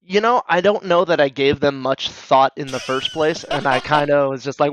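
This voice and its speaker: A man's voice: fairly high pitch, normal speed, noisy background. A man, a guest in a casual chat, joking in a wry, self-deprecating way.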